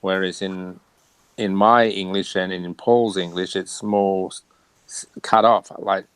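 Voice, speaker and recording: A man with an Australian accent in a relaxed, chatty conversation, laughing often. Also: low-pitched, measured pace, smooth, no echo, low-quality recording. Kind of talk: casual chat.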